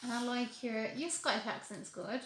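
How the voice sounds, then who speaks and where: A woman's voice: fairly high pitch, moderate pace. Giggly woman, off-mic and echoey. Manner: giggly, teasing. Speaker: co-host, streamer's partner. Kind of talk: casual live-stream chat. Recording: echoey room with audible noise.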